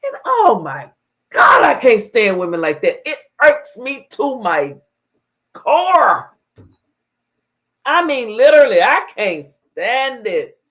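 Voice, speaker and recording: Animated high-pitched sassy woman host. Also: slow, pauses often. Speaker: talk show host. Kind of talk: casual livestream chat.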